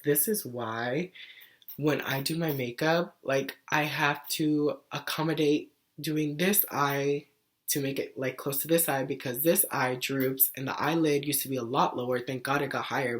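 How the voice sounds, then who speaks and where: A young woman talking earnestly to camera in a casual vlog, rambling with lots of "like" fillers. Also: low-pitched. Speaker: vlogger sharing her own illness story. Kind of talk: casual heartfelt vlog talk.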